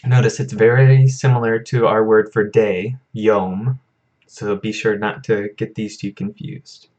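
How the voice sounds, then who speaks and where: Young male teacher, low voice, unhurried, casual lesson delivery with light chuckles. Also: highs cut off. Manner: relaxed, self-correcting, chuckles at his own memory tricks. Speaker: Hebrew teacher.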